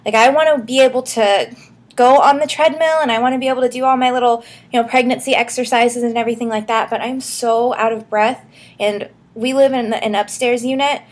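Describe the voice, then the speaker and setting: A young woman talks through a casual vlog update in a slightly high voice. She sounds a little short of breath and giggles between thoughts, with lots of ums and likes. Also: fairly even intonation, fairly quick. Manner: chatty, giggly, many fillers and restarts. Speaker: vlogger.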